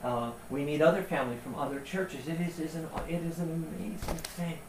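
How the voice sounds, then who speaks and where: A man preaching a sermon in a conversational, animated storytelling way. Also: on the high side, brisk, a little hiss or hum. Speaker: pastor. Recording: roomy sound from a distance.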